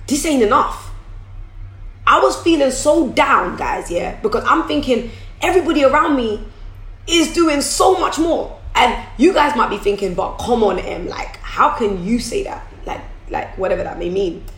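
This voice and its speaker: A woman's voice: sits high, lively intonation, moderate pace, fairly bright tone, echoey room, low-quality recording. A woman talking candidly to her viewers about running her business, often repeating and restarting as she goes. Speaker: business owner vlogger. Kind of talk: casual motivational talk to camera. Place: room at home.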